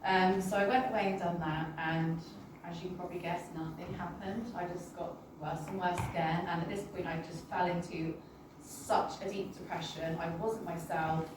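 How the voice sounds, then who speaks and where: A British woman recounts her own story to a listening audience, speaking in a halting, emotional way and often apologizing. Her voice is picked up from a distance in a very reverberant room. A constant background hum sits under her speech. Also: lowish voice, steady tone. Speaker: guest sharing a personal testimony. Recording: roomy, distant, with background noise.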